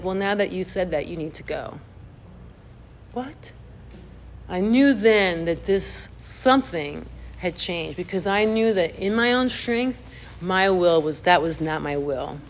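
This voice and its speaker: A woman sharing her recovery story in animated, chatty personal storytelling, full of "like" fillers and acting out her own reactions. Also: fairly low pitch, a little hiss or hum.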